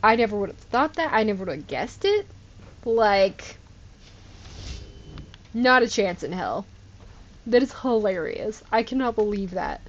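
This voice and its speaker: A woman's voice: mid-range voice, animated, unhurried, long pauses, lo-fi sound, slight background noise. A woman streamer chatting casually over gameplay, talking to her viewers with exasperated disbelief and laughing at herself. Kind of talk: casual live gameplay commentary.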